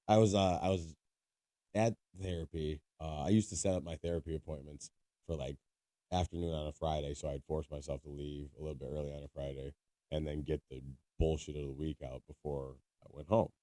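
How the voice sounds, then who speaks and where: A man's voice: dark tone, dry recording, studio quality. A man co-hosting a podcast, telling a story casually, swearing freely and laughing as he goes. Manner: swearing, laughing storyteller who bursts high when quoting. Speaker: podcast co-host.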